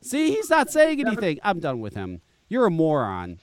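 A man's voice: fairly high pitch, wildly swooping pitch, moderate pace, dry recording. A man hosting a live talk show, ranting angrily and profanely, mocking others in quoted voices.

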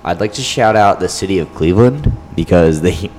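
A man's voice: low-pitched, animated, fairly quick, darkish tone, big-room sound, slight background noise. A young man from the Midwest co-hosting a podcast, chatting in a dry, wry way. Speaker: podcast co-host. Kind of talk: casual chat.

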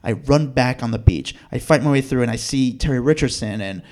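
A man who is a guest on a podcast tells a story in casual chat, lively and acting out the people in it. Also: medium pitch, fairly quick. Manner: animated, acts out the people in his story. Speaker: podcast guest, TV news producer.

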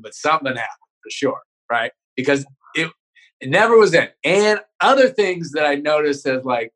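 Slightly high and a bit bright, his voice carries a fast, profane story he's telling as a comedian on a podcast interview. He often ends lines with "right?" to check in with the listener.

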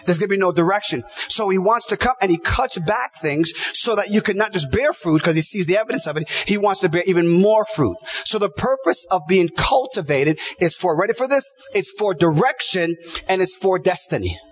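A man's voice: high-pitched, animated, brisk, few pauses, slightly rough, dull audio, soft background music. A man preaching a sermon, emphatic, piling up repeated phrases and quoting scripture. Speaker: pastor.

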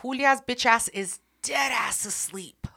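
A young adult woman co-hosting a podcast, telling a story in casual chat, animated and profane, jumping into a high squeal when she quotes herself. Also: unhurried, creaky. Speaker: podcast co-host.

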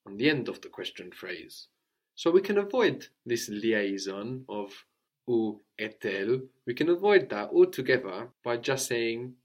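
A man teaching French to a student, explaining slowly and repeating phrases for her to copy. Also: medium pitch. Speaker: language teacher.

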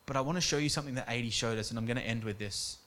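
A man's voice: medium pitch, racing, a bit bright. Earnest male preacher telling a story. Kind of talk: sermon.

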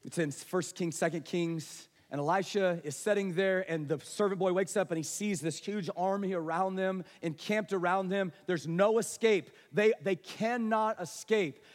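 A man preaching a passionate sermon, shifting between hushed, quiet moments and raised, urgent delivery. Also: sits high, normal speed, few pauses. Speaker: pastor. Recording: reverberant hall.

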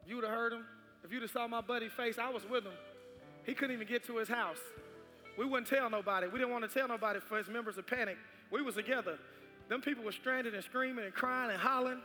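A pastor in a large church sanctuary leads his congregation through the offering and prayer, urging them again and again with fervent, repetitive exhortation. His very high voice rings out with long church reverb while soft music plays underneath.

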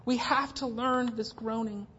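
A woman pastor in her thirties preaching a sermon, emphatic, swinging between hushed and intense passages. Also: a little high, fairly even intonation, measured pace, slight background noise. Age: 30s. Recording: dull lo-fi church recording.

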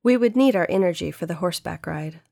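A woman narrating a children's audiobook in a gentle, steady reading manner. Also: lowish voice, fast, vocal fry, no room sound, clean studio sound. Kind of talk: scripted storybook narration.

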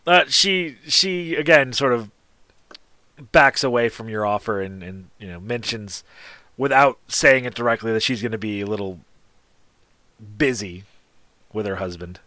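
A man narrating a tabletop game as game master, in a relaxed, rambling, descriptive way. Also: on the low side, unhurried, pauses often, dry recording. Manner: relaxed, casual, descriptive, lots of "sort of" and "like".

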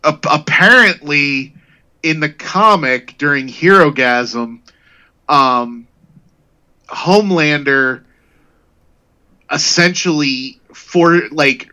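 Slow, bright-voiced hesitant man. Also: fairly high pitch. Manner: hesitant, halting. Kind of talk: casual chat.

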